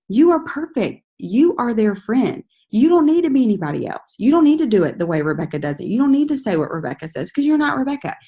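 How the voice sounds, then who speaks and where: A woman leading a team call, giving energetic, coaching advice in a casual motivational talk, sometimes acting out chatty friendly messages. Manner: energetic, coaching, acts out chatty quotes in a higher voice. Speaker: team leader giving sales tips.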